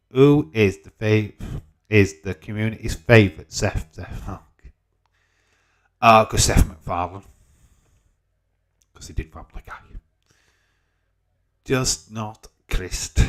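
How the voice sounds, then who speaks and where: A man's voice: fairly low pitch, slow pace, pauses often. A British man hosting a casual live watch-along stream, chatting, swearing freely and reading out viewer comments. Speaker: livestream host.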